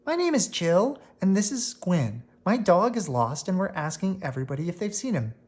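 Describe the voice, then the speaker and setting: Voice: mid-range voice, sing-song, normal speed, a little mellow, pitched above the performer's own voice, close to an everyday voice. A storyteller voicing a sensible young girl in a children's storybook, matter-of-fact and doubtful. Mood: polite.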